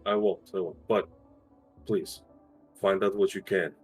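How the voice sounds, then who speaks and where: A man's voice: low-pitched, fairly even intonation, a little slow, darkish tone, husky, soft background music. A man playing a tabletop role-playing game, earnest and intense, swearing freely. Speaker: player.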